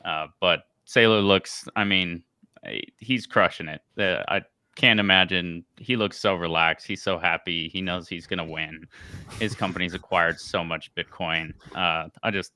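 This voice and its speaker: A deep-voiced man with a bright, smooth, crisp tone, talking as a co-host in a casual panel discussion. He sounds enthusiastic and pauses to restart his thoughts, recorded dry and close. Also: no echo. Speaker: podcast co-host.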